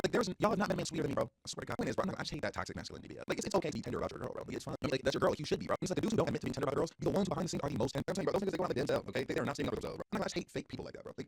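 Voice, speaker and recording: A young man streams a heated, casual rant to his chat, speaking at a rapid clip. His pitch swings widely and jumps up when he gets worked up. His voice has a gravelly edge to it. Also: sing-song, a little hiss or hum.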